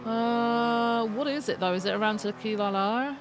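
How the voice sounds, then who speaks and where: A woman's voice: on the high side, normal speed, music in the background. A woman streamer playing a police officer in a game roleplay, talking bluntly and swearing casually. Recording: game and car noise behind.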